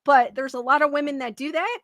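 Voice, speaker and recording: Woman streamer reading chat, defensive and giggly; high bright voice, dry close sound. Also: fast talker, no room sound. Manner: defensive, laughs often, restarts sentences. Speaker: livestream host reading chat. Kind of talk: casual livestream chat.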